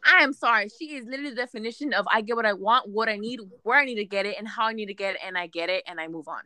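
A woman's voice: mid-range voice, rapid-fire, sharp tone, no room sound. A young woman guest chatting playfully with a friend, dropping Spanish slang words. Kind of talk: casual chat.

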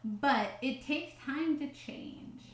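A woman's voice: high-pitched, takes it slowly, reverberant. A woman co-hosting a casual podcast, reading quotes aloud with joking asides and frequent laughs. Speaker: podcast co-host.

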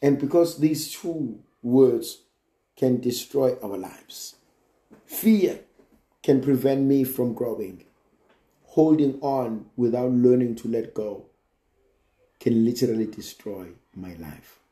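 A man preaching a sermon as a priest, slow and deliberate, with emphatic rises on key words. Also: mid-range voice, dark tone, reverberant.

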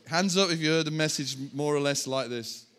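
A man preaching a sermon, animated and self-mocking, chatting with the congregation as he works through a demonstration. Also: fairly high pitch, brisk, clear, resonant tone. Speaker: pastor. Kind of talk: sermon with props. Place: church hall.

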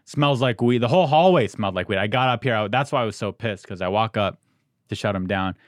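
A young man with a fairly low voice recounts a story in an animated, self-deprecating way. The sound is dry and close to the mic, and the feel is a casual podcast chat from a studio owner. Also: fast talker, no echo.

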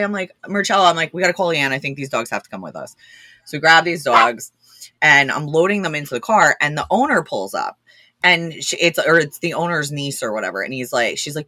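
A young woman tells stories in a bright, forceful voice that swoops up and down as she acts out what everyone said. She laughs often and keeps a quick, casual flow. The sound is dry and close. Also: low-pitched, dry recording. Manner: animated, laughing, acts out quoted dialogue. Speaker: guest, rescue founder. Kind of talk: casual storytelling.

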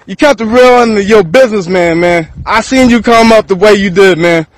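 A man's voice: high-pitched, brisk, no echo, low-quality recording. A man from Texas, rambling through a profane freestyle rant to camera and laughing between thoughts.

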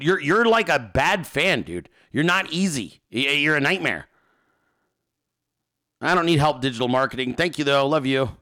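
A man talks straight to his live audience, swearing freely and ranting. His voice sits fairly high for a man, bright and forceful. His pitch swings widely as he works himself up. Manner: profane, ranting; reads viewer emails and chat aloud. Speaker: host. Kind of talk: casual livestream chat.

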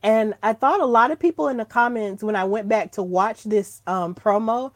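A woman hosting her own podcast in casual solo chat, gushing and excitable, breaking into squeals when thrilled. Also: on the high side, moderate pace, dry recording. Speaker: podcast host.

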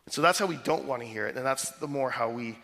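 A man preaching a sermon in a conversational, animated way, often restarting his words. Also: medium pitch, fast talker. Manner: conversational, animated, with frequent repeated starts. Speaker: pastor. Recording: reverberant hall.

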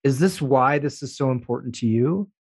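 Male host with an ordinary mid-pitched voice and a relaxed, conversational manner. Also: moderate pace, husky. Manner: casual and friendly, speaks straight to listeners. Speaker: podcast host. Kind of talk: casual interview chat.

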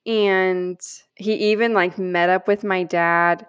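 A woman co-hosting a podcast, telling a personal story in an animated, earnest way and acting out the lines she quotes. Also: lowish voice, slow pace, smooth, lo-fi sound. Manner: animated storyteller, acts out quoted prayers and dialogue; earnest and heartfelt. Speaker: podcast co-host.

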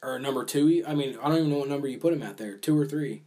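A man's voice: medium pitch, very fast, mellow. A man co-hosting a casual sports talk show, rambling and hedging with fillers while he weighs baseball moves. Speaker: podcast co-host.

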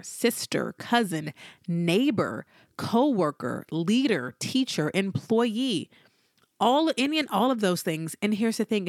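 A woman hosting a solo motivational podcast, talking in an encouraging way and slowing down to stress her points. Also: medium pitch, no room sound, clean studio sound. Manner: encouraging, slows down for emphasis. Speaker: podcast host.

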